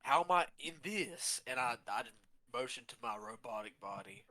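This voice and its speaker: A man's voice: mid-range voice, animated, normal speed, sharp tone. A man playing his character in a tabletop game, earnest and pleading for answers. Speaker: player. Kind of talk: in-character tabletop role-play.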